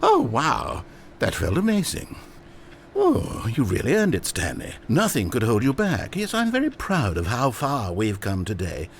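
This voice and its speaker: A man's voice: mid-range voice, wildly swooping pitch, measured pace, a little hiss or hum. An actor playing a wry, theatrical male narrator in a video game, speaking in an articulate way. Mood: smug calm.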